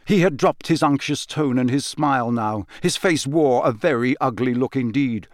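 A man narrating a fantasy novel audiobook in an expressive reading. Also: medium pitch, normal speed, few pauses, no echo, clean studio sound. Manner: expressive, lively.

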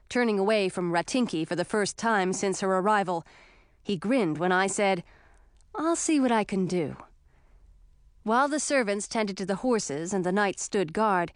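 Woman reader, middle pitch, first-person fantasy audiobook, dead dry close-mic booth. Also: no room sound. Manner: clear, expressive storytelling. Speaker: audiobook narrator.

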